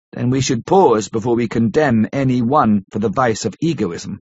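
A man narrating a classic novel as an audiobook in a measured, steady storytelling manner. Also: mid-range voice, breathy edge, dry recording. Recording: dull lo-fi recording.

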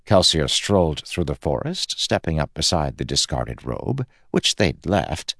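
A man reading a fantasy audiobook aloud in a measured, dramatic storytelling manner. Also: deep voice, creaky, no room sound, clean studio sound. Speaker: audiobook narrator. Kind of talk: scripted fantasy narration.

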